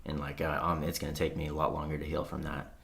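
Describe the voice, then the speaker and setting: A man's voice: rumbling low, completely flat delivery, quick pace, vocal fry, fairly bright tone. A man in his thirties, a podcast guest, talking earnestly and reflectively, with frequent "like" and casual swearing. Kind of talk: candid conversation.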